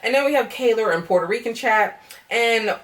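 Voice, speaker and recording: A young woman recaps a reality dating show in a casual vlog, blunt and sassy, swearing freely and capping her points with "okay?" and "girl." Her voice is fairly high and animated at a moderate pace, and she's far from the mic.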